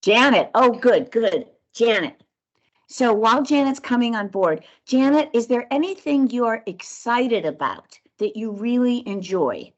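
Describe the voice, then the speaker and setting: A woman's voice: on the high side, sing-song, a little slow. Upbeat woman coaching over a video call. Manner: upbeat, encouraging, instructive. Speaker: speaking coach. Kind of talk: interactive coaching session. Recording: dull lo-fi video call audio.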